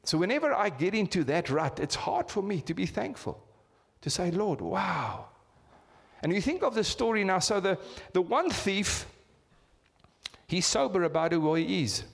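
A South African pastor in his fifties preaches a sermon, posing rhetorical questions to the congregation, while a church hall's long reverb trails each word. His gravelly voice sits high and sing-song, at normal speed.

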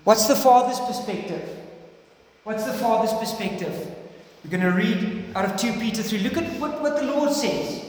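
High-voiced South African preacher in echoey church. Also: male voice, moderate pace. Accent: South African English. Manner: preaching with emphatic repetition and sudden quiet pleas. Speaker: pastor. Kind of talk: sermon. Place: church hall. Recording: echoey hall, distant mic, faint noise.

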